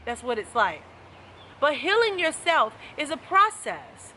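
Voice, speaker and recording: A woman's voice: high-pitched, big pitch swings, a little slow, sharp tone, a little hiss or hum. A woman life coach giving an emphatic, preachy motivational talk to camera, repeating her key phrases.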